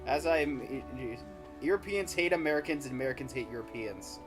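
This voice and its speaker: A man's voice: a little high, expressive, fairly quick, over music. A man chatting casually on a gaming livestream, blunt and full of fillers and swearing. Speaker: co-streamer.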